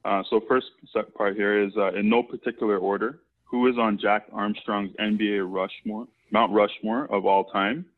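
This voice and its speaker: A man's voice: on the low side, steady tone, normal speed, few pauses, narrow, tinny audio. A man co-hosting an interview, asking plain questions with short replies. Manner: brief acknowledgments, plain questions. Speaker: podcast co-host. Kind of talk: casual interview.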